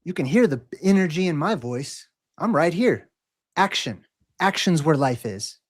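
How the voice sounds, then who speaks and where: A man's voice: fairly high pitch, big pitch swings, measured pace. A man hosting a livestream, talking casually and mockingly challenging a troll in the chat. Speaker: livestream host.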